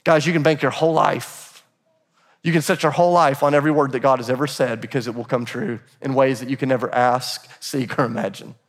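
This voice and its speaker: A man's voice: medium pitch, steady tone, brisk. A man preaching a sermon as pastor, emphatic and repeating phrases as he builds a point. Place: church sanctuary. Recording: long hall reverb.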